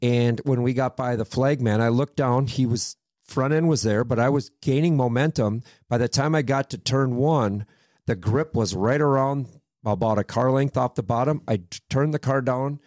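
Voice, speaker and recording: A man from Minnesota, a sprint car driver guesting on a podcast, telling animated stories in casual chat and swearing freely. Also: medium pitch, normal speed, dry recording. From Minnesota, USA. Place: studio.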